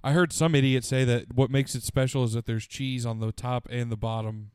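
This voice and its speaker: A man's voice: mid-range voice, steady tone, brisk, a little mellow, smooth, dry recording. A young man in casual, profane banter, rambling with laid-back slang.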